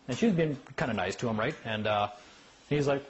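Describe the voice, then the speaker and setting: A man's voice: mid-range voice, moderate pace, a little hiss or hum, rough recording. A man giving a casual talk on legal rights to a small group, telling stories and acting out voices. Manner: animated storyteller who acts out voices.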